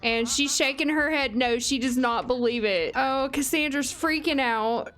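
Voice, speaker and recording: A woman hosting a let's play, giving chatty, expressive gameplay commentary. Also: high voice, unhurried, few pauses, faint music behind.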